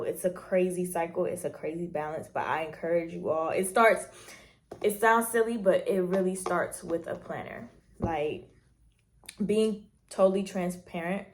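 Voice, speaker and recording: Young female nursing-student vlogger, somewhat low voice, candid chatty storyteller. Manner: candid, chatty, acts out quotes. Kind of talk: casual chat to camera.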